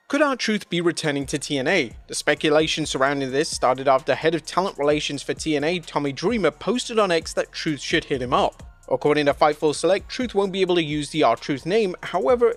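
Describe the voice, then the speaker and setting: A man reading scripted news narration in a steady, even reporting tone. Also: a little high, brisk, few pauses, soft background music.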